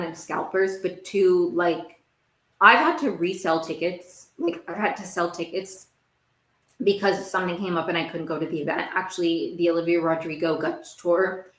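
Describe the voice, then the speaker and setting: A young woman hosts a casual TV recap podcast. Her voice sits a little low, and she talks in a rambling, emphatic way, piling on fillers and repeating herself. The recording has a noticeable roomy echo. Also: fairly bright tone. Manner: rambling and emphatic, heavy use of "like", repeats phrases. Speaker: podcast host.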